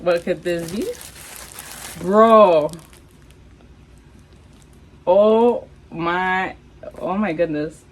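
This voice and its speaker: A young woman from Texas vlogging an unboxing, hyper and excitable, swearing a lot and squealing. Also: fairly low pitch, drawn-out words, pauses often, rough recording. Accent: Texan. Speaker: vlogger unboxing masks and merch. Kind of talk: casual unboxing vlog.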